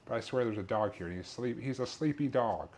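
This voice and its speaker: A man's voice: on the low side, fast, darkish tone. A man streaming while he cooks in his home kitchen, chatting casually and rambling with lots of fillers, restarts and easygoing swearing. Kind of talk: casual chat while cooking.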